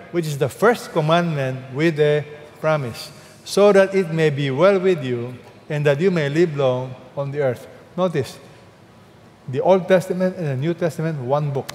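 Animated preaching man in echoing hall. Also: fairly high pitch. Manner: animated, calls on the congregation to read aloud. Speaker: pastor. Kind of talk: sermon.

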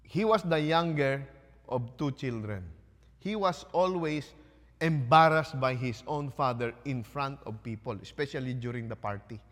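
A man with a Filipino accent preaching a sermon, questioning his congregation with quick Tagalog asides. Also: mid-range voice, long reverb tail. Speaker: pastor.

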